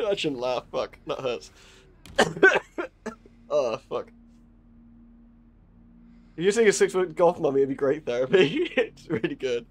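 A young man talks casually as he streams a game, cracking jokes and laughing between swear words. His voice sits a little high and swings widely in pitch, full of lively ups and downs. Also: takes it slowly, pauses often. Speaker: streamer playing a horror game. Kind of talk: casual live-stream chat.

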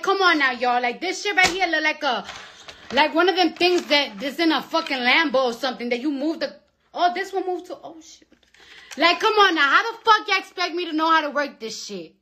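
A young woman from the New York area rants on a phone live stream with a high, sharp voice. She rambles and curses freely and swings from loud, theatrical outbursts to near-whispers. A faint hiss sits under her voice. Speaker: streamer talking to viewers. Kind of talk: casual live-stream rant.

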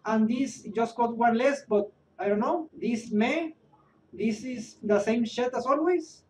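A man's voice: very high voice, a little slow. Exasperated man ranting. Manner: exasperated, repetitive, swearing, restarts often. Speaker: Twitch streamer. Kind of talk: rant about a card game. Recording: distant mic with faint background noise.

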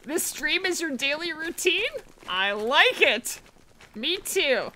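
Woman streamer gabbing with chat, bright sharp voice that swings all over, bit of hiss under it. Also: high voice, big pitch swings, slow. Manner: chatty, reads and thanks viewers. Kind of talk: live gameplay stream chat.

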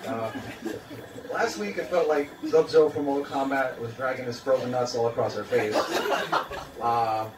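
A man's voice: medium pitch, moderate pace. A man doing an open-mic stand-up set in a small coffeehouse, talking to the crowd with loose "uh"s. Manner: conversational, with filler "uh"s and crowd asides. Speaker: stand-up comedian. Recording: echoey room, distant mic, loud noise.

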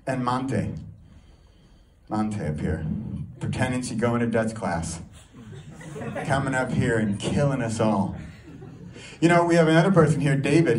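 A man's voice: on the high side, a little mellow. A man performing a rambling, self-mocking live stand-up set, laughing at his own jokes in front of an audience. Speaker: stand-up comedy student performing a first set. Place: small comedy venue with a live audience. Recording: distant mic with audience noise.

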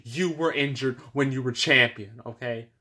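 A man's voice: mid-range voice, normal speed, bright, forceful tone, husky. A man voicing a defiant male pro wrestler in a fan parody skit, lecturing and mocking his rival. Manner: mocking, lecturing put-downs.

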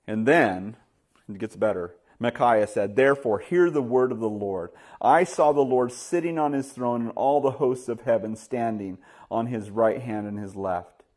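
A man preaching a sermon as pastor, telling stories and acting out the dialogue, often with "you know", rising louder and higher to stress his points. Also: normal speed. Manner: storytelling, acts out dialogue, rises loud and high when stressing points; many fillers like "you know".

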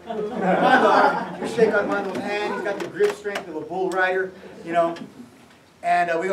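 Man, high-pitched, animated storyteller at a public talk, echoey room, distant mic, faint hum. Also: fairly quick. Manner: animated, laughing storyteller who acts out the people in his story. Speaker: author giving a public talk. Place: museum event space.

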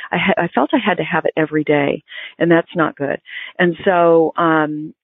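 A woman health expert explaining diet in an interview, informative and measured. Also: deep voice, fairly even intonation, husky, no echo. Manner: explanatory, informative, with some restarts. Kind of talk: interview answers. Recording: phone-like, dry line.

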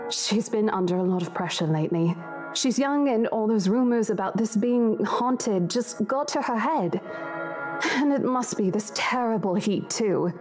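Actress as anxious, placating estate agent in a game; polite and apologetic, mid-range voice. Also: female voice, medium pitch, measured pace, over music, lightly acted. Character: apologetic estate agent woman, anxious to smooth things over. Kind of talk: game voice acting.

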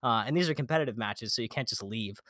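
A man telling a gaming story in a casual podcast chat, animated, swearing often and acting out quotes. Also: medium pitch, fast talker, no echo, clean studio sound. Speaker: podcast guest.

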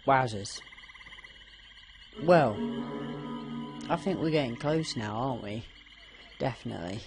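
A woman's voice: rumbling low, animated, moderate pace, over music. A woman commenting casually on a game playthrough, chatty and rambling, her voice a little strained. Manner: chatty, rambling, with many fillers. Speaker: gameplay commentator.

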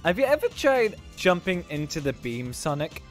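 A man's voice: fairly high pitch, big pitch swings, moderate pace. Joking man commenting on gameplay. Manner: offhand, joking storyteller with sudden loud outbursts. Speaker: gaming video host. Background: game music.

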